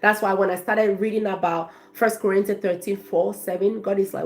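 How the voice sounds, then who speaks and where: A woman's voice: medium pitch, fairly even intonation, normal speed. A woman from Africa, a life coach, chatting effusively on a live stream and thanking her viewers by name.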